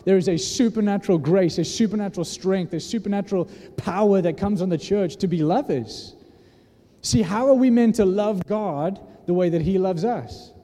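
A man's voice: high voice, moderate pace, mellow. A man preaching a sermon in an earnest, conversational way, often restarting his sentences. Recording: long hall reverb.

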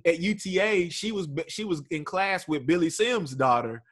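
Man telling lively church stories. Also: high-pitched, moderate pace. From East Texas. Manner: animated storyteller, acts out voices in quotes. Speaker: preacher and guest. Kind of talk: casual interview storytelling.

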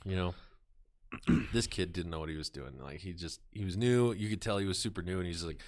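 A man with a lowish voice spins a loose, profane anecdote on a podcast. He drops into quick impressions of the people he describes and swears freely. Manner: profane, animated storyteller who acts out voices. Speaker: podcast talker. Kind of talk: casual podcast chat.

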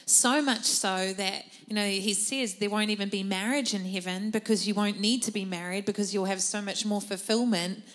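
A woman answering a question on a church panel in a thoughtful, measured way. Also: medium pitch, fairly even intonation, a bit bright.

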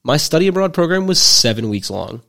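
A man's voice: on the high side, big pitch swings, a little fast, vocal fry, bright, forceful tone. A man in his twenties telling a story in casual chat, rambling with many fillers and restarts, and wry and jokey in his delivery. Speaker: podcast storyteller.

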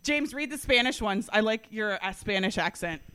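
A woman's voice: mid-range voice, animated, moderate pace, crowd noise. A woman co-hosting a podcast in casual banter, blunt, laughing often and swearing. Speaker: podcast co-host.

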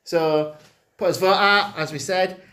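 A woman co-hosting a film podcast, chatty and giggly with quick asides. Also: on the low side, steady tone, a bit bright. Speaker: podcast co-host. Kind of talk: casual film review chat.

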